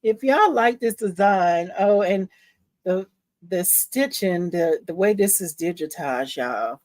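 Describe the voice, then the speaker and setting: A woman chats slowly and easily to her live-stream viewers, saying "y'all" often. She squeals and laughs when something looks cute, then settles into patient explaining. The sound is dry and close, with no room around it. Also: lowish voice, lively intonation, darkish tone, dry recording. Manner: reads viewer comments aloud. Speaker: livestream host showing embroidery. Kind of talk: casual live-stream chat.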